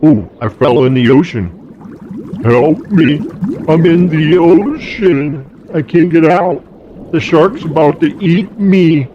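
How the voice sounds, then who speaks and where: A man's voice: fairly high pitch, takes it slowly, lo-fi sound, a little hiss or hum. A man playing a drowning man calling for help. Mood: panicked. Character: man drowning in the ocean, panicked. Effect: voice changer underwater sound.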